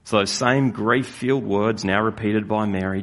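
A man preaching a sermon as a pastor, earnest and slowing down to stress key lines. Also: fairly low pitch. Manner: earnest, with slow emphatic stresses.

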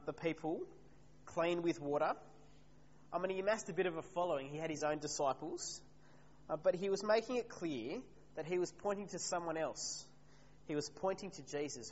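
A man preaches in a relaxed, conversational way, stopping to put questions to his listeners. His voice sits a little high. The recording has long hall reverb, a slightly muffled tone and a faint hum underneath. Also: normal speed. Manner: conversational, asks the congregation questions. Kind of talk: sermon.

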